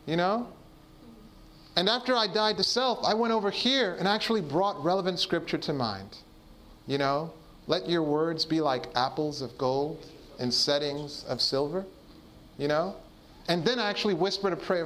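A man preaches to a gathered audience, often asking a question and then answering it himself. His voice sits somewhat high for a man. A faint hiss runs underneath the recording. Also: expressive, moderate pace, fairly bright tone. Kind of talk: sermon on addiction recovery.

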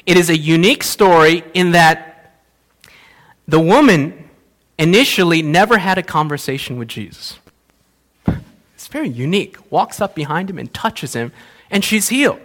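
Bright high-voiced male preacher. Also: normal speed, pauses often. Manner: animated storytelling, acting out characters. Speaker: pastor. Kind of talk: sermon.

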